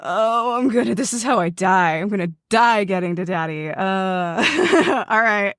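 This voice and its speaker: A woman's voice: medium pitch, lively intonation, a little slow, a bit bright, no room sound, studio quality. Blunt swearing woman at a game table. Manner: profane, blunt. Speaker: player. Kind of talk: casual tabletop game play.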